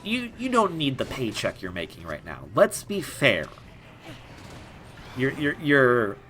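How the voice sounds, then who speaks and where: A man's voice: a little high, pushed and bright, a little hiss or hum. A young man giving casual, jokey let's-play commentary, rambling and stammering over repeated words. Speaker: gaming YouTuber.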